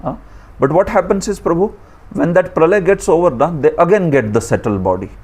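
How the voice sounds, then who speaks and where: A man's voice: a little high, lively intonation, a little fast, a little mellow, husky. Indian man teaching a scripture class. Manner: questioning students, chuckling asides, mixes in Hindi. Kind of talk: interactive class lecture.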